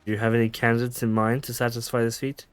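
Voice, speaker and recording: A man's voice: medium pitch, flat delivery, fast, clean tone, soft background music. A man streaming a game, reading the dialogue aloud with frequent stumbles, self-corrections and laughs. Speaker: gaming streamer.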